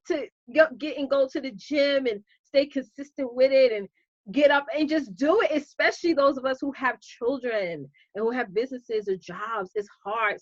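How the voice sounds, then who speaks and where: A woman coach hosting a casual live stream, chatty and animated, greeting viewers by name. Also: high-pitched, dry recording, highs cut off.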